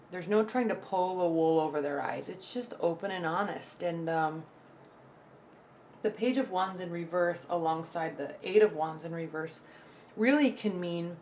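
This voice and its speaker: A woman's voice: on the low side, a little mellow, slight background noise. A woman giving a casual tarot forecast to camera. She talks in a loose, reassuring way, restarts often and keeps checking in with "okay?" and "right?". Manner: loose and chatty, with frequent restarts. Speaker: tarot reader.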